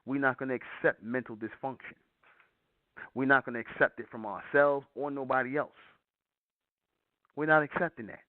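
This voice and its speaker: A man's voice: medium pitch, normal speed, pauses often, no room sound. A man hosting a call-in show, lecturing his listeners in an emphatic, repetitive way. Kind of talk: preachy call-in monologue. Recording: tinny phone-like line.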